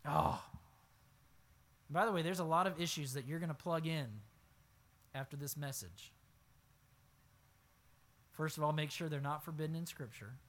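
A man preaching a sermon as pastor, reading scripture aloud and then explaining it, swinging from low asides to loud emphatic exclamations. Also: normal speed, pauses often. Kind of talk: expository sermon.

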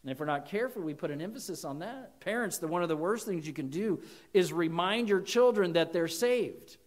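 Male preacher, high voice, earnest, builds up for emphasis. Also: lively intonation, a little fast. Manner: earnest, rises in pitch and volume for emphasis. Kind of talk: sermon.

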